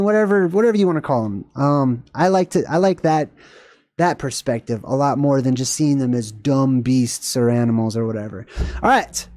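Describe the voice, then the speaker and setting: Excitable, rambling man hosting a livestream. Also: a little high, no echo. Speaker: livestream host. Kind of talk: casual livestream commentary.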